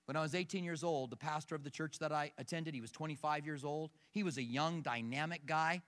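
Bright-voiced animated preacher in an echoey hall. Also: male voice, fairly high pitch, brisk. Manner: animated storyteller who questions the congregation. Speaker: pastor. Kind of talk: sermon with personal stories. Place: large church auditorium with balconies.

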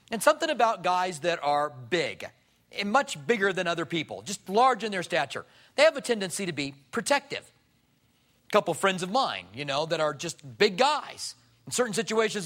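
A male pastor preaching a sermon, animated and acting out the people he quotes. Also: high voice. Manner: animated, acts out quoted voices.

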